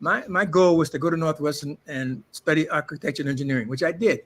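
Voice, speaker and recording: A man's voice: fairly high pitch, fast, fairly bright tone. An older man, a former football player and actor, telling boastful stories in an interview and acting out what others said. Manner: boastful, acts out quotes of others. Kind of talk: animated storytelling interview.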